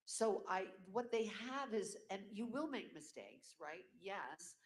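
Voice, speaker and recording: An older voice actor at a convention panel answering fan questions casually, animated and breaking into playful character voices. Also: mid-range voice, slow.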